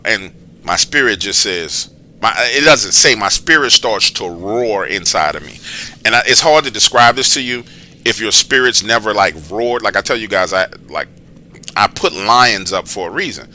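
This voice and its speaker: A man hosting his own channel, telling a personal story in a casual, profane, slangy way and loudly acting out the scenes. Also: lowish voice, lively intonation, moderate pace.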